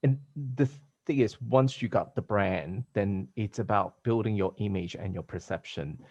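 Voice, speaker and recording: A man's voice: fairly low pitch, moderate pace, vocal fry, a little mellow, dry recording, muffled recording. A man hosting a podcast in casual conversation over a video call, talking in a rambling, hesitant way with many restarts. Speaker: podcast host.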